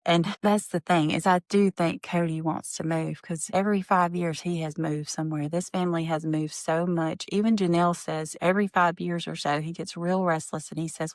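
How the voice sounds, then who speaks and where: A woman's voice: fairly low pitch, steady tone, normal speed, hardly any pauses, dry recording, clean studio sound. A woman, recapping a reality show on her podcast in a blunt, indignant way. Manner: blunt and indignant, openly judging. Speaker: podcast host. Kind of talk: casual reality-TV recap commentary.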